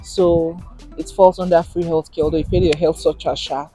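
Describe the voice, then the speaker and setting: A woman's voice: low voice, normal speed, soft background music. A woman in her thirties from Nigeria with a Nigerian accent, chatting animatedly in a vlog and slipping into pidgin. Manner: animated, mixes in pidgin, laughs often. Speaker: vlogger. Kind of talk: casual chat.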